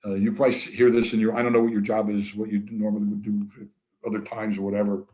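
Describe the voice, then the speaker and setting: A man's voice: lowish voice, fast. Older American man telling wry stories. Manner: animated, acts out dialogue with a dry wit. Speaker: interview guest. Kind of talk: candid storytelling.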